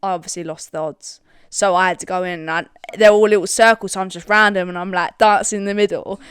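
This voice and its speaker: A young woman with a Scottish accent chats casually on a podcast, swearing freely and laughing often. Her voice is smooth and clear, recorded close and dry with no room sound. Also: mid-range voice, fairly even intonation, quick pace, no room sound. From Scotland. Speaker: podcast co-host. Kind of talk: casual chat.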